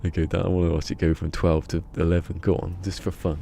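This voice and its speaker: A man's voice: low voice, level tone, quick pace, creaky, dark tone, slight background noise. A man streaming a game live, chatting casually in a rambling, self-mocking way.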